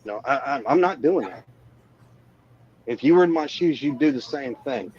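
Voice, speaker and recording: A man, a parent of a missing child, answering interview questions in a measured, defensive way with emphatic yeses. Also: mid-range voice, animated, darkish tone, muffled recording, a little hiss or hum.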